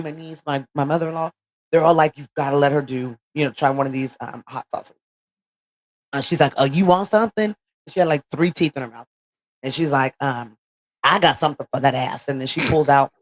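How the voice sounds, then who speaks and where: A woman from California, a podcast co-host, telling a story in casual chat and acting out what people said. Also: sits low. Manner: lively storyteller, acts out quotes. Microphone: home podcast mic on a stand.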